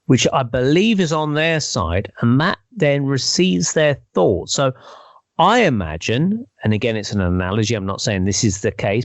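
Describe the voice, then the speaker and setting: A man's voice: medium pitch, dry recording. A man in casual conversation, explaining at length in a thoughtful, hedging, speculative way. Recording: dull, dry lo-fi recording.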